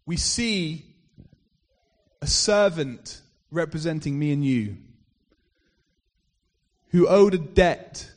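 A man with a fairly high voice preaches to his congregation, telling a parable with animated, swelling emphasis. His voice rings out with a long reverb, as if filling a large hall. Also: slow pace, long pauses. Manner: expressive storytelling, rising to loud emphasis in dramatic passages. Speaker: pastor. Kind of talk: sermon.

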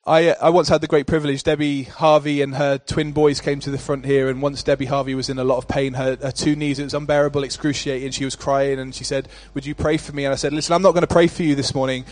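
A male pastor delivering a sermon in a rhythmic, repetitive cadence that builds to forceful declarations. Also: mid-range voice, level tone, quick pace, hardly any pauses.

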